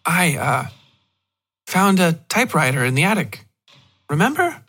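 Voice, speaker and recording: A man's voice: high voice, very animated, a little slow, bright, forceful tone, pitched above the performer's own voice, full character voice. Ash, a man reading an eager young woman writer.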